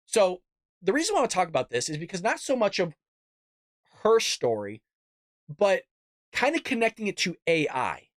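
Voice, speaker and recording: A man's voice: high-pitched, big pitch swings, normal speed, pauses often, no echo. Fired-up guy ranting about politics, voice jumping up and down, dry close mic. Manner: heated, exasperated ranting with frequent restarts. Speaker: political commentary host. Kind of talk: live political commentary.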